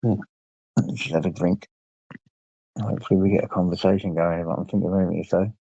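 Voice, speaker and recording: Older English man, low gravelly voice, rambling live-stream host with dull lo-fi sound. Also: steady tone, fast, mellow, no room sound. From England. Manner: rambling, greets viewers by name, swears freely. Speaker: livestream host. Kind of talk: late-night livestream chat.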